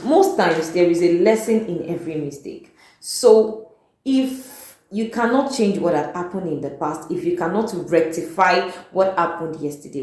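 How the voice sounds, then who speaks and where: A woman's voice: lowish voice, darkish tone. A Nigerian woman giving a motivational talk to camera on her channel, earnest and repeating her key points. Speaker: vlogger. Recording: very echoey room.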